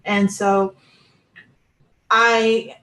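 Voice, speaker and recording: A woman in casual conversation who rambles, restarts and fills her sentences with "you know" and "like." Her voice sits at a middle pitch and carries a noticeable room echo. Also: flat delivery, extremely slow, fairly bright tone. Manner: rambling, many fillers and restarts.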